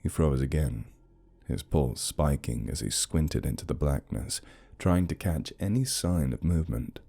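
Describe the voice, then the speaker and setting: A man with an extremely deep voice narrates a horror story in a slow, brooding, measured way. His tone is dark and mellow, and the delivery is steady, scripted storytelling. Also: vocal fry, husky.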